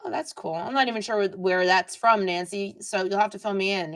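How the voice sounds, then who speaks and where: A woman's voice: mid-range voice, fairly quick, fairly bright tone. A middle-aged woman hosting a live stream, chatting casually and digressively while reading viewer comments.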